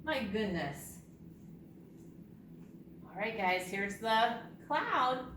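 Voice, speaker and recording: A woman leads a preschool storytime in a slow, playful, sing-song manner, her pitch leaping high and low. She stands back from the camera, and the room rings with heavy echo. A steady hiss of background noise runs underneath. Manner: animated, sing-song, exaggerated for small children. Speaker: children's librarian. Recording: distant, roomy, noisy recording.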